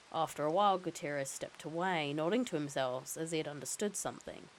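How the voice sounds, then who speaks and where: Woman reading a novel aloud, slightly low. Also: a little hiss or hum, poor audio. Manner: casual asides, swearing. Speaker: streamer.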